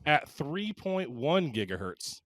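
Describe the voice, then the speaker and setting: A man's voice: fairly high pitch, very animated, slow pace, fairly bright tone, no echo. A man in his thirties co-hosting a casual podcast, joking and rambling through his explanations. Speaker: podcast co-host.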